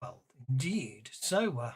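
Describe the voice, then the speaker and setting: A man narrating a tabletop game as game master, chatty and halting, with many fillers. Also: mid-range voice, very animated, breathy edge.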